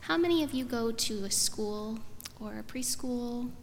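A woman's voice: fairly high pitch, measured pace. A woman pastor giving a children's sermon in a church sanctuary. She keeps asking the children friendly questions. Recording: reverberant sanctuary, faint room noise.

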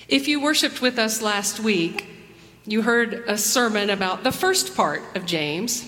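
Woman, pastor, gentle storyteller, long church reverb. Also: medium pitch. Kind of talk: children's message and sermon. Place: church sanctuary.

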